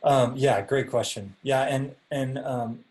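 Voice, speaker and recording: A man's voice: medium pitch, steady tone, slow, darkish tone. A young man teaching a class over a video call, speaking casually with many ums and restarts.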